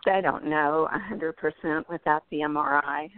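A woman's voice: low-pitched, steady tone, moderate pace, dry recording. A woman calling in to a radio show, talking earnestly and in detail, close to tears at times. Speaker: caller. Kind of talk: phone call to a radio show. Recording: dry tinny phone line.

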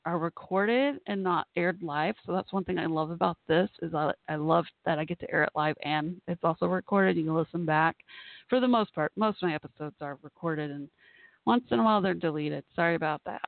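A gravelly, fairly low female voice speaks briskly as she hosts a live podcast by herself. The sound is dry and comes through a tinny phone call-in line while she chats, rambles, and laughs often.

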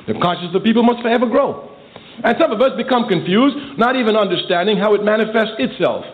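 A man's voice: high voice, animated, fast talker. Emphatic male orator, tinny archive sound. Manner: emphatic, rhetorical, building repetition. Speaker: political speaker. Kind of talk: oratorical speech. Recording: tinny phone-like archive speech.

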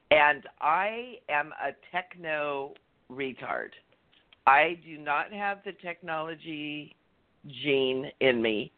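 A woman co-hosting a radio talk show, telling a story in a chatty, animated way and laughing often. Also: low voice. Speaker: radio show co-host, energy healer. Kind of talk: casual storytelling chat. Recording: phone-line call-in audio.

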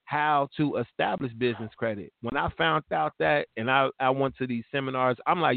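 A man's voice: mid-range voice, moderate pace, creaky, few pauses, dry recording. A man in his fifties talking in a casual, slangy and emphatic way, fired up as he tells his stories. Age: 50s. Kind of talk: casual podcast chat. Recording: tinny phone-line sound, dry.

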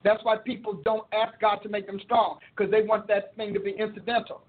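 A woman preacher and show host teaching in a sermon style, expressive and quick to laugh, acting out her prayers. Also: mid-range voice. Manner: expressive, acts out prayers and quotes, laughs often. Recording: tinny phone-like audio.

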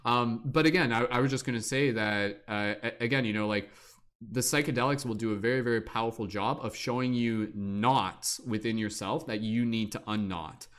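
A man's voice: medium pitch, normal speed, a bit bright. A man hosting a livestreamed talk show, speaking eagerly and at length, with lots of fillers. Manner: rambling, eager, many fillers. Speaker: podcast host. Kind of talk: excited casual talk.

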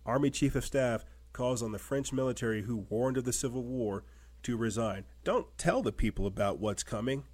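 Man, commentary show host, reads news aloud, emphatic, repeats himself, rhetorical questions, mid-pitched voice. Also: normal speed, a little mellow. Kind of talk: political commentary reading news articles.

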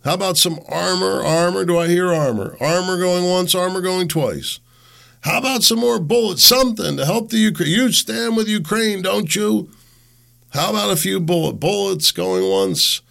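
A man doing a mocking high auctioneer. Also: animated, gravelly, fairly bright tone, exaggerated voice. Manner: mocking, rapid bid calls. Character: fast-calling male auctioneer selling off war aid.

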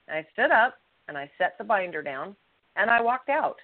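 A woman co-hosting a podcast, telling a personal story with animated, acted-out quotes. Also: medium pitch, normal speed, dry recording. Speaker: podcast co-host. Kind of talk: casual storytelling. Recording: tinny phone-line sound, dry.

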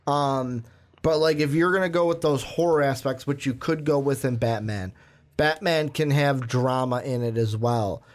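A man co-hosting a casual film podcast, animated and steering the talk, with frequent "um"s. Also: medium pitch, moderate pace. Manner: animated, steers the conversation with many "um"s. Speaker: podcast co-host. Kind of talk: casual chat.

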